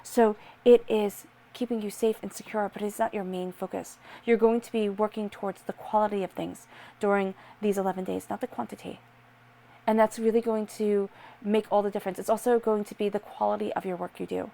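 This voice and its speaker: A woman's voice: medium pitch, flat delivery, fairly quick, gravelly, dark tone. A woman giving a tarot reading, talking straight to the listener in an earnest, reassuring way. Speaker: tarot reader.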